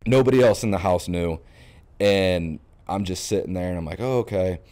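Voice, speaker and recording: A man's voice: low voice, normal speed. A young man from Florida, a podcast guest, telling stories in a casual interview and acting out the lines he quotes. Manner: animated storyteller, acts out quoted lines. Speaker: podcast guest, baseball catcher.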